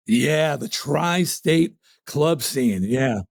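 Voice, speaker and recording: A man from the New York area, a rock singer, telling stories in an emphatic, animated way as a guest in a casual interview. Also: a little high, extremely slow, vocal fry.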